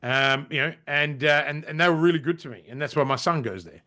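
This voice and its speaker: A middle-aged Australian man with a slightly high, brisk, sharp-toned voice appears as a podcast guest. He tells business stories in a casual interview, speaking bluntly and offhandedly, swearing often and restarting his sentences.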